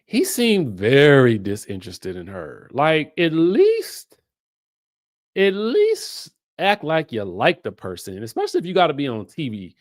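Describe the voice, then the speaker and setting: A man with runs a casual pop culture commentary. His pitch swings widely as he teases and riffs, and his unhurried delivery sits close and dry on the mic. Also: no room sound. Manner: animated, playful, sassy asides to viewers. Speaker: host.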